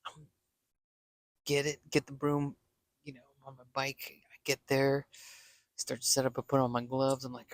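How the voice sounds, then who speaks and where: A man with a gravelly, fry-laced voice tells a personal story in a loose, rambling way. He leans on fillers and restarts, and sinks almost to a whisper when he quotes his own worries. The recording is dry and close, with no room sound. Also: mid-range voice, completely flat delivery, moderate pace, pauses often, no echo. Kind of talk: casual spoken story. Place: Las Vegas.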